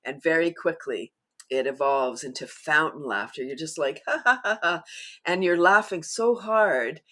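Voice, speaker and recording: A woman guest in a casual interview, talking enthusiastically and laughing often as she explains. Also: normal speed. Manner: animated storyteller, bursts higher and louder when excited. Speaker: guest, laughter yoga teacher.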